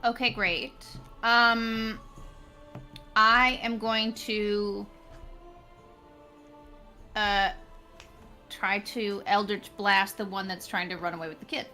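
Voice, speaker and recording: A woman playing a tabletop game, excitable and reactive, full of quick exclamations. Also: medium pitch, soft background music. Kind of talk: casual game-table chat.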